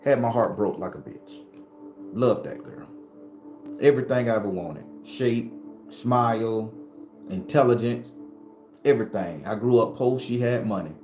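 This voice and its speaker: Low-voiced man preaching bluntly over music. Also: animated, a little slow, pauses often, a little mellow. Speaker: spiritual video host. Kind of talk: emotional personal testimony. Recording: roomy echo with music behind.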